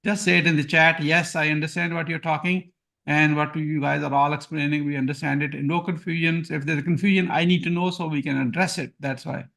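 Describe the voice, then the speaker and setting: Man, Punjabi-accented English, high voice, live webinar host, repetitive self-deprecating talk. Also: steady tone, brisk, gravelly, bright, forceful tone. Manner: self-deprecating, repetitive, reads chat aloud. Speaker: course host.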